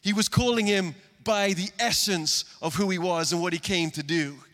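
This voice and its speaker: A man preaching a sermon from a stage, earnest, moving between loud emphasis and hushed lines. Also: sits high, moderate pace, hardly any pauses, big-room sound. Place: stage before a live congregation.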